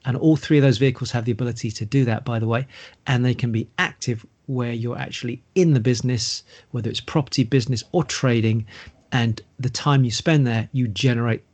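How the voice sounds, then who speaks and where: A man's voice: medium pitch, fairly even intonation, brisk, darkish tone. A middle-aged man, explaining investing and property in a casual podcast conversation, running through long lists. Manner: explanatory, long listing run-ons.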